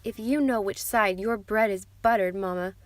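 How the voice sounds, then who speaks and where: A woman's voice: mid-range voice, normal speed, dry recording, natural voice. A woman voicing a shrewd, spoiled young daughter who talks in a pert, scheming way.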